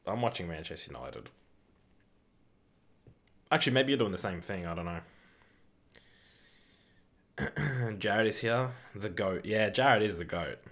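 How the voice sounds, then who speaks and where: Young male streamer, low voice, casual football watch-along banter, excitable and sweary. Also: unhurried, long pauses. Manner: excitable, swearing, reads chat aloud. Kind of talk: casual live-stream chat and commentary.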